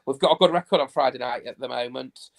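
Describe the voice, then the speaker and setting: A man guesting on a football fan podcast, reeling off figures and dates. He keeps it conversational and unhurried, in an ordinary middle register. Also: mid-range voice, creaky. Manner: reels off statistics in a chatty, easygoing way. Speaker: stats guest. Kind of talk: casual podcast chat.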